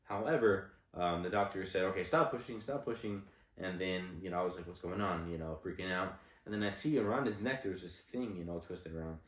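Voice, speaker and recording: Young male co-host, laid-back storyteller, very deep voice, roomy recording. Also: a little fast, a bit bright. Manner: easygoing, with many "you know" fillers. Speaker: vlogger co-host. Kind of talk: casual storytelling chat. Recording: roomy echo.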